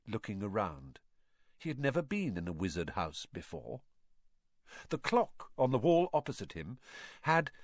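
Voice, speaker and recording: A man reading a novel aloud with expressive storytelling. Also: medium pitch, dry recording, studio quality. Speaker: narrator.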